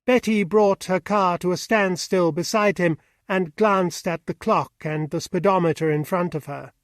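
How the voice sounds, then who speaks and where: A man narrating an audiobook with steady, even storytelling on a close mic. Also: sits high, normal speed, dry recording. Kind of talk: scripted narration.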